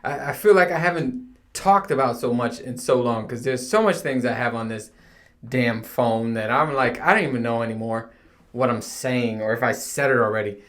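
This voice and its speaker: A man's voice: medium pitch, normal speed, fairly bright tone. A man hosting his podcast from home, chatting casually in a rambling, profane way and laughing at himself. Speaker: podcast host. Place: home room. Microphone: home recording setup.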